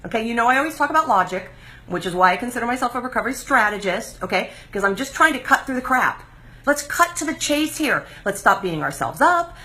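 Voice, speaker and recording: A middle-aged woman hosting a live recovery talk show, speaking emphatically and directly to her viewers. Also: medium pitch. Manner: emphatic, lively, talks straight to viewers.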